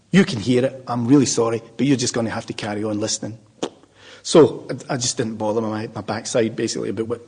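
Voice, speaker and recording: A man's voice: medium pitch, vocal fry, a little mellow, breathy edge. An older man with a Glaswegian Scottish accent, a Buddhist speaker telling a rambling, humorous story to a live audience.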